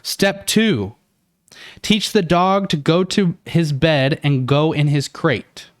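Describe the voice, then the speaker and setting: Higher-voiced man reviewing training tips. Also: slow, no room sound, studio quality. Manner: reads out steps, then adds his own opinion; conversational, with fillers and restarts. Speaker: dog trainer and podcast host. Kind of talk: casual podcast commentary.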